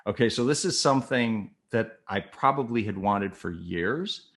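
Guy from minnesota telling a big personal story, acts out voices, goes quiet then loud. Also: on the low side, moderate pace. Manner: animated, acts out voices, swings from soft to loud.

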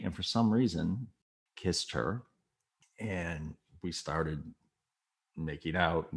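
A middle-aged man candidly telling a personal story to a listener, acting out the people in it. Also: low-pitched. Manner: animated, acts out voices of people in the story; candid and self-deprecating, with laughs. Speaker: storyteller guest. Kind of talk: personal anecdote told to a listener.

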